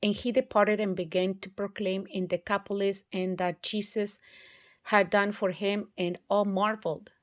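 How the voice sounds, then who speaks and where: A woman's voice: mid-range voice, level tone, moderate pace. A woman reading scripture aloud, carefully and with occasional restarts. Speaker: Bible reader.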